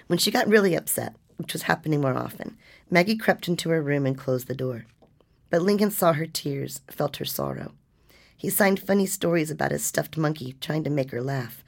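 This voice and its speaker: A woman reading a nonfiction story as narrator, with a measured, restrained delivery. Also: low voice, gravelly, husky.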